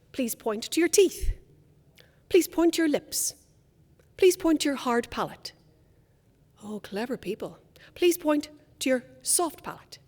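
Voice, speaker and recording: A woman leads a speaking workshop with a fairly high voice. Her diction is crisp and precise, and her emphasis is theatrical. The sound carries the long reverb of a large conference hall. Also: darkish tone. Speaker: speaking coach.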